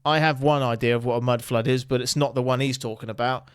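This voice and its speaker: A man's voice: medium pitch, fast talker, clean tone, dry recording, clean studio sound. A man, the host, giving casual joking commentary on videos. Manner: joking, chatty, animated asides.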